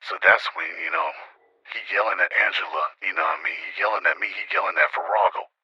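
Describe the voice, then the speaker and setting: Male storyteller on a lo-fi phone line, deep and forceful, raspy, rambling delivery. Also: steady tone, quick pace. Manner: rambling, repeats "you know what I mean". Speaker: storyteller calling in. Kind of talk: casual spoken storytelling. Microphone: phone call.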